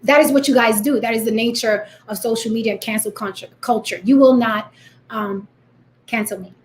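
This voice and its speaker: A woman's voice: fairly high pitch, fairly quick, slight background noise. Defiant New York woman vlogger. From the Bronx, New York. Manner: blunt, defiant, streetwise. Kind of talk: direct-to-camera rant.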